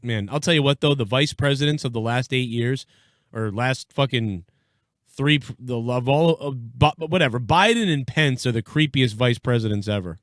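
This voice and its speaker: A man's voice: medium pitch, normal speed, dry recording, studio quality, some chatter behind. Blunt, profane young man on a stream. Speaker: live-stream show host. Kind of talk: casual political reaction stream.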